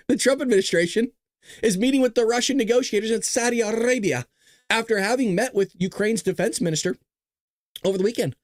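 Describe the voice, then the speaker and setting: A man's voice: high-pitched, brisk, no echo, clean studio sound. A middle-aged man hosting a political talk show, talking casually with sarcastic, jokey asides.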